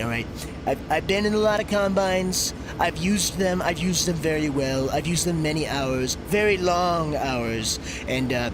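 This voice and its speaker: A man putting on a pompous, boastful gentleman who talks slowly and grandly. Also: fairly high pitch, natural voice, low-quality recording. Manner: slow, drawn-out, pompous.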